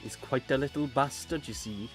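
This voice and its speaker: Guy streaming, swears a lot, rambles on, average pitch, bit of quiet music. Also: normal speed. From England, Gloucester. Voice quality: sweary, rambling, laughs often. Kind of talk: casual chat while drawing.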